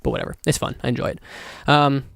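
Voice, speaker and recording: A man hosting his own podcast, rambling casually and excitedly with plenty of swearing. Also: mid-range voice, fast, gravelly, no room sound, clean studio sound. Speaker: podcast host.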